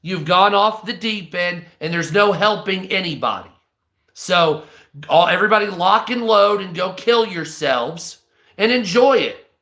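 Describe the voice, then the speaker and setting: A man's voice: high voice, a little slow, sharp tone, roomy sound. A stoned man reading news aloud on a live stream, breaking off into profane, hostile, sarcastic rants.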